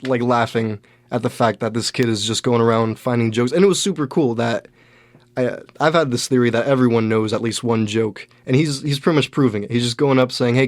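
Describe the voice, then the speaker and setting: A young man hosting a podcast, telling a rambling story with lots of restarts and animated bits. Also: medium pitch, no echo. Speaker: podcast host. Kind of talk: casual storytelling monologue.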